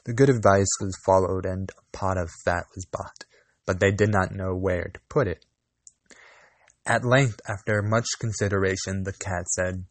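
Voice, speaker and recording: A man reading a fairy tale aloud, slow and deliberate, with small restarts. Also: low voice, fairly even intonation, no room sound. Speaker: reader.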